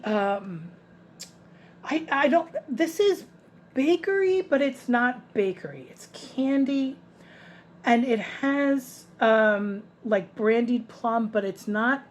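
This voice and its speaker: A woman's voice: a little high, darkish tone, a little hiss or hum. A woman in her fifties with a New York accent, chatting casually and bluntly through a product haul, rambling with restarts. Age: 50s. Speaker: vlogger, home fragrance seller.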